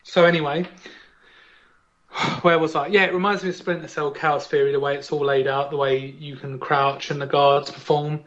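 A man's voice: fairly high pitch, flat delivery, moderate pace, fairly bright tone, lo-fi sound. A man co-hosting a podcast, rambling and joking in casual chat. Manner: rambling, digressive and jokey. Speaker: podcast co-host.

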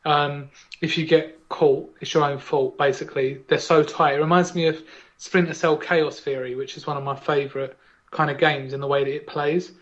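Rambling man, slightly high. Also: little pitch movement, normal speed, muffled recording. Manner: rambling, digressive and jokey. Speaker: podcast co-host. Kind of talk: casual chat.

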